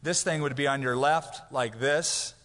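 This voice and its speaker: In a big-sounding room, a man preaches as pastor in an expository yet conversational style, lively and casual, occasionally performing loud prayers for effect. He speaks unhurriedly in a mid-range voice.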